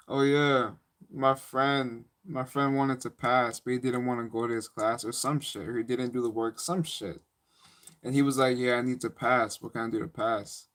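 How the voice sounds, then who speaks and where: Young male streamer, casual slangy rambler, mid-pitched voice. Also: a bit bright. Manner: rambling, slangy, laughing storyteller. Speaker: live streamer. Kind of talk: casual live-stream chat.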